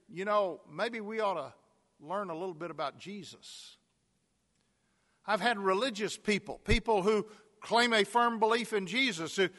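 A man's voice: sits high, fairly bright tone. A man preaching a sermon, telling a personal story and building to emphatic repeated calls. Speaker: pastor. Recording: long hall reverb.

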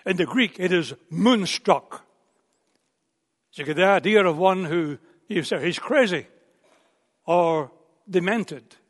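A man's voice: sits high, lively intonation, slow, pauses often. A man preaching a sermon in a storytelling way, often repeating words as he builds a point. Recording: long reverb of a hall.

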